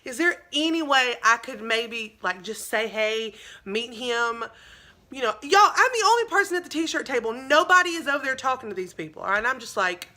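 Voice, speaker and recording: A woman's voice: fairly high pitch, expressive, normal speed, sharp tone. A young woman telling a storytime vlog, chatty and dramatic, calling her viewers y'all. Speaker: vlogger.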